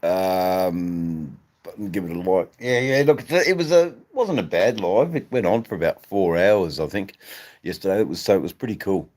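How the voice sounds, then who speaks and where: A man's voice: low voice, normal speed, a little mellow. An Australian man hosting a casual livestream, rambling and swearing as he chats to viewers. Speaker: livestream host.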